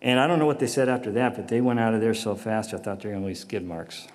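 A man telling a personal faith testimony in an animated storytelling way, acting out the voices in it. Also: on the low side, quick pace, long reverb tail. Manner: animated storyteller, acts out dialogue. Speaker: speaker giving a personal testimony.

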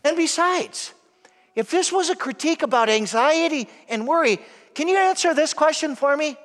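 High-voiced priest preaching in a church. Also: male voice, animated, normal speed, a bit bright. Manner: emphatic, asks the congregation rhetorical questions. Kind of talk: sermon. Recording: long church reverb.

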